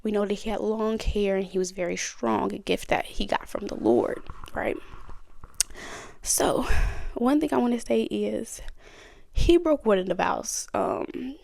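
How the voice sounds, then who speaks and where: A woman's voice: mid-range voice, a little slow, vocal fry, darkish tone, no echo. A woman hosting her own podcast, telling her story and teaching from the Bible in a chatty, conversational way. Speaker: podcast host. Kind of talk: casual testimony and Bible study talk.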